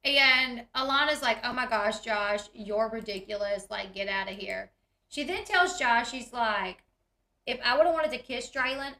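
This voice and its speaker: A woman's voice: fairly high pitch, pushed and bright, roomy sound. A woman, retelling reality TV scenes in a chatty, giggly way and acting out the quotes. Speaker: recap host. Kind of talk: casual reality TV recap.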